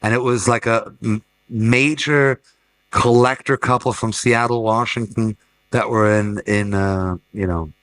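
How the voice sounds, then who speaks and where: A man's voice: fairly low pitch, fairly even intonation, measured pace, fairly bright tone, poor audio. A man, an art fair director, chatting on a panel and telling anecdotes with restarts. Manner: anecdotal, restarts and laughs while telling stories. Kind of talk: casual panel conversation. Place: fair talk stage.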